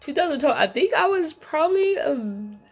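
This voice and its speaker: A woman's voice: high-pitched, big pitch swings, normal speed, highs cut off. A woman in her thirties telling a long story in a casual vlog, blunt, slangy and full of swearing, often rambling off track. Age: 30s. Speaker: vlogger.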